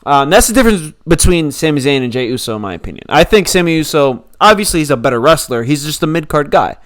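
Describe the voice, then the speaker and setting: A man's voice: fairly high pitch, lively intonation, fast, fairly bright tone. A man casually recapping a wrestling show, opinionated and rambling, with lots of fillers.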